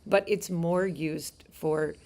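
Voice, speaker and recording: Female language teacher on a live stream, outdoors on a deck. Unhurried, patient delivery in a lowish voice, quick to laugh. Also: steady tone, dark tone. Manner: patient, explanatory, laughs easily.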